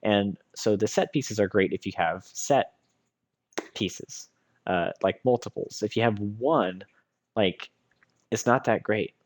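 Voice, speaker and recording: A man's voice: on the low side, takes it slowly, dry recording. A tired man giving casual commentary on his game as a let's play streamer, musing aloud as he weighs his choices.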